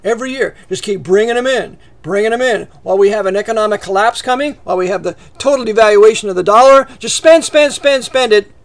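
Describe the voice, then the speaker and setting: A man's voice: high voice, fast, few pauses. A man preaching a fiery political sermon, heated and sarcastic, rambling with restarts.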